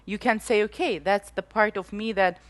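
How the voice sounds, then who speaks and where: A woman's voice: medium pitch, moderate pace, dry recording. Woman host, dry sound. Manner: encouraging, frequent agreement. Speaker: talk show host. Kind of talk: interview.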